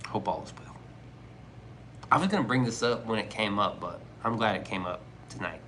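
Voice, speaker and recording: A man's voice: lowish voice, expressive, fast talker, pushed and bright, slight background noise. A man streaming live, chatting casually with his viewers in joking, profane, rambling banter. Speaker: livestreamer reading chat. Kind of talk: casual livestream chat.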